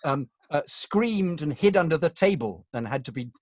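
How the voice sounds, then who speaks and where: Animated self-deprecating middle-aged man. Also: fairly high pitch, moderate pace, no echo. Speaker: voice actor guest. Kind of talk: casual interview storytelling.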